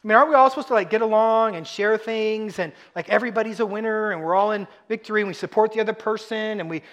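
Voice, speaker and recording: A man's voice: high-pitched, fast. A middle-aged man from Texas preaching a sermon, telling joking family stories and acting out voices. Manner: joking, animated storytelling with acted-out voices. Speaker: pastor.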